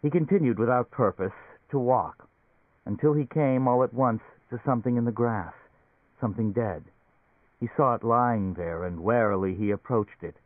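A man reading a science fiction novel aloud as audiobook narrator, in a measured storytelling manner. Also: mid-range voice, no echo. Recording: dry, phone-like narrow sound.

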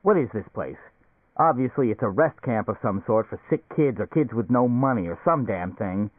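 Gruff, impatient stranded businessman, male reader, storybook, phone-thin. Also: fairly low pitch, animated, moderate pace, dry recording. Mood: urgent. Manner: gruff, irritable, urgent. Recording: tinny phone-like recording.

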